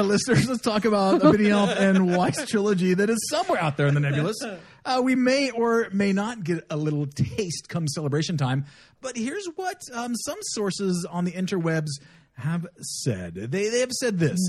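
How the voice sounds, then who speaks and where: A woman co-hosting a casual podcast chat, playful and teasing, quick to laugh. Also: medium pitch, big pitch swings, a little mellow. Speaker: podcast co-host.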